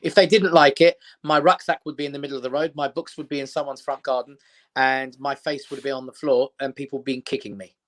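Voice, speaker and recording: A man's voice: mid-range voice, a little fast. A middle-aged man, a comedian telling stories in casual chat and acting out the people in them. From England. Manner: animated anecdotes, acts out quoted voices. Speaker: comedian guest.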